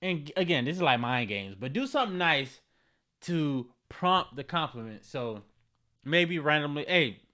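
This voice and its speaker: A man hosting a comedy vlog, reading viewer comments aloud and reacting in slangy, animated commentary with bursts of mock outrage. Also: fairly high pitch, normal speed.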